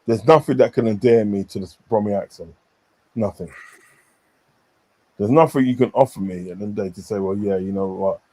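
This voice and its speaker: A man's voice: fairly low pitch, brisk, pauses often, dark tone, slightly rough, rough recording. Blunt man on a stream. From English Midlands. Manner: blunt, opinionated, reads viewer comments aloud. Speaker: stream host. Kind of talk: casual live stream chat.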